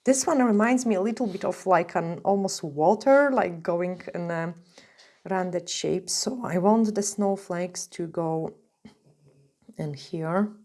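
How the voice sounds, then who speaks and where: Woman, nail tutor, lowish pitch, gushing casual talk, losing her voice. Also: slow pace, mellow. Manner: chatty and gushing, many "like" fillers. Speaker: nail artist teaching a tutorial. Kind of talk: casual tutorial narration while working.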